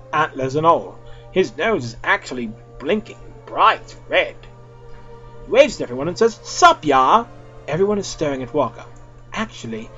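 A man reading a comic fan story aloud, switching voices for each character in an animated way. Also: on the high side, lo-fi sound.

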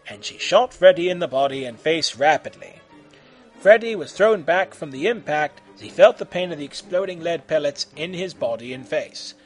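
A man reading a fan fiction story aloud in an animated way, acting out the shouted voices. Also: on the high side, normal speed, faint music behind.

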